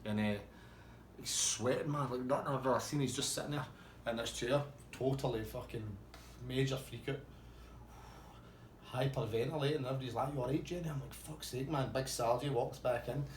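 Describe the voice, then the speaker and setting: A man's voice: medium pitch, fairly even intonation, brisk, reverberant, slight background noise. A man telling a rambling, swear-heavy anecdote in a casual way. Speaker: storyteller.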